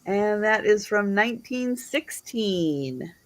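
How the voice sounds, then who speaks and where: A woman hosting a live online sale, showing items slowly and admiringly and counting down the bidding. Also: mid-range voice, animated. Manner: slow, admiring, auctioneer-style counting.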